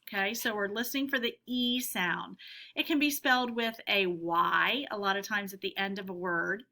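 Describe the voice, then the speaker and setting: A woman teacher giving a phonics lesson to young children, saying each word slowly and clearly twice. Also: medium pitch, pushed and bright. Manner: slow, clear word-by-word dictation.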